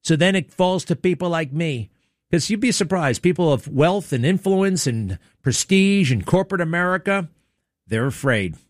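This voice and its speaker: A man's voice: fairly high pitch, expressive, normal speed, dry recording. A man delivers opinionated political commentary as a talk radio host, leaning hard on his words with a sarcastic, needling edge. His voice sits close and dry on the microphone, with no room sound around it. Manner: emphatic and sarcastic, mocking impressions.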